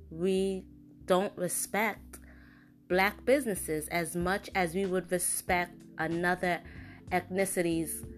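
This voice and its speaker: A woman hosting her own show, giving a casual, frank opinion monologue with an indignant edge and lots of fillers and restarts. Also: on the low side. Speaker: podcast host.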